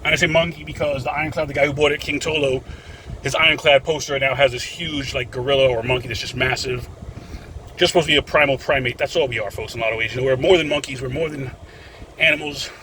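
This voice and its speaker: A man's voice: medium pitch, fairly even intonation, fast talker, sharp tone, a little hiss or hum, low-quality recording. A man in his thirties ranting casually to the camera outside a gym, rambling and calling his viewers folks. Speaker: vlogger.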